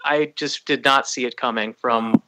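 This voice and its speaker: A man's voice: medium pitch, fairly even intonation, normal speed, bright, forceful tone, low-quality recording. A man on a fan podcast, talking casually and rambling with many restarts. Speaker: podcast co-host.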